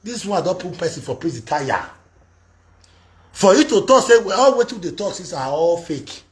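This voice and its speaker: Lively Nigerian Pidgin-speaking man host. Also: high voice, moderate pace. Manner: animated, insistent, interjecting. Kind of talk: casual live-stream chat.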